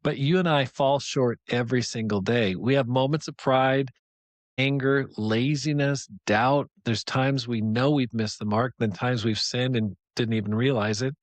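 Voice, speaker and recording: A man's voice: mid-range voice, normal speed, no room sound. Male podcast host, devotional teacher; earnest, conversational, encouraging, mid-range voice.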